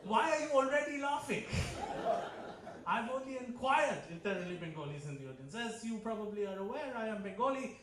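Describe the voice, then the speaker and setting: A man's voice: sits high, lively intonation, brisk, roomy sound, noisy background. A man from India with an Indian English accent, doing a stand-up comedy set with a dry, ironic delivery and frequent self-corrections. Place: club hall with a live audience. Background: audience laughter.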